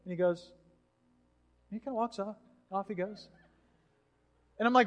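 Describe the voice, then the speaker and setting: A male pastor preaching a sermon, telling a story in an animated way and acting out what people said. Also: high-pitched, normal speed, long pauses. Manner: animated storytelling with acted-out quotes. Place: church sanctuary. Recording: long hall reverb in a church.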